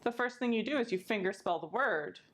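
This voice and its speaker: A woman librarian, teaching a step-by-step sign language lesson in a friendly, clear way. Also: on the high side, expressive, a little fast. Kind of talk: instructional video lesson.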